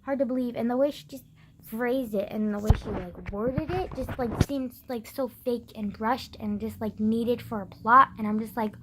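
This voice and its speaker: Her voice is a little high, fairly bright and slightly rough, moving at normal speed as this young vlogger rants casually to camera. She sounds exasperated and sarcastic, leans on "like," swears occasionally, and mocks others with exaggerated impressions.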